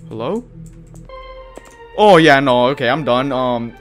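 A young man giving jumpy, excitable let's-play commentary on a horror game, swearing often and calling the viewer dude. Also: medium pitch, slow pace, soft background music. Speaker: gaming video creator. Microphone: headphones and desk mic.

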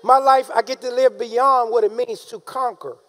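A man preaching a sermon, calling out to the congregation and rising into shouted emphasis. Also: very high voice, fairly even intonation, normal speed. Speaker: pastor.

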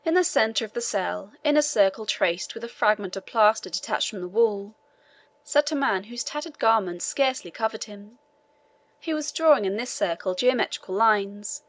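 A woman reading a classic novel aloud as an audiobook narrator, measured and even. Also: medium pitch, dry recording. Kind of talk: scripted narration.

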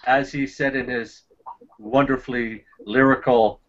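A man's voice: medium pitch, steady tone, a little slow. Male moderator, easygoing and inquisitive; dull recording. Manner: questioning, casual. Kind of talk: casual panel discussion. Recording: muffled lo-fi recording.

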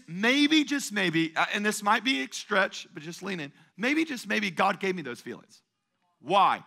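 Bright, high-voiced man preaching. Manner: call-and-response preaching, repeats phrases for emphasis. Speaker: pastor. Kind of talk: sermon. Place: church sanctuary, before a congregation.

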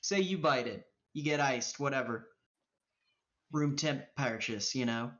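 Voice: mid-range voice, a little slow, fairly bright tone, natural voice. A game master voicing a casual, hard-bitten male mercenary who swears offhandedly, on dull lo-fi stream audio. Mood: offhand, gruff.

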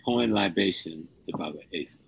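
An older man, a guest, telling a personal story at an unhurried pace, stretching key words. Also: low voice, creaky, a bit bright, a little hiss or hum, low-quality recording. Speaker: guest speaker. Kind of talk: storytelling in a live-streamed conversation.

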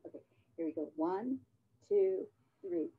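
A woman playing a cheerful Mrs. Claus who does magic tricks and puppet patter for children, in a slow, sing-song, coaxing children's-show delivery. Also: fairly low pitch, expressive, slightly rough, heavily acted. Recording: dull, muffled audio.

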